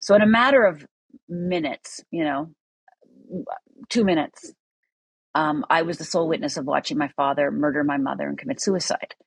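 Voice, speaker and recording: A woman's voice: deep voice, moderate pace, creaky, breathy edge, dry recording. A middle-aged woman from Upper Michigan, telling a personal story as a podcast guest in an earnest, candid way with many fillers.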